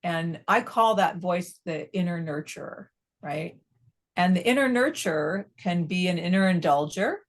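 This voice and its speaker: A middle-aged woman, a psychotherapist being interviewed, explaining in a measured way and often checking in with "right?". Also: lowish voice. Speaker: psychotherapist guest.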